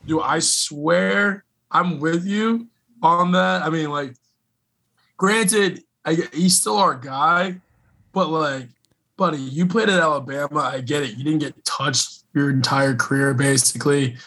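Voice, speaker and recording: A man co-hosting a casual sports podcast, a former college football player who talks in an animated, emphatic, slangy way. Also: on the high side, a little slow, rough recording.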